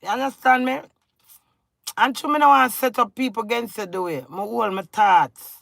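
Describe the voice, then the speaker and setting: A woman's voice: fairly high pitch, normal speed, vocal fry, a bit bright, no room sound. A middle-aged Jamaican woman ranting to her husband in a scolding, confrontational way, talking in patois. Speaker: vlogger. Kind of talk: emotional rant to camera.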